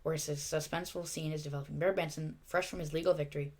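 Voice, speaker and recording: A self-important male bee news anchor reports breaking news, read by a woman. Low for a woman, brisk, in a newsreader cadence. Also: steady tone, a little mellow. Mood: announcing.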